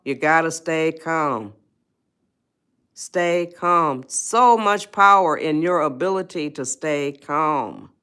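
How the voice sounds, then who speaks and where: Here a self-help live stream host speaks in a low, slightly bright voice with a clean tone. Addressing her chat directly, she coaxes viewers along and circles back over the same points again and again.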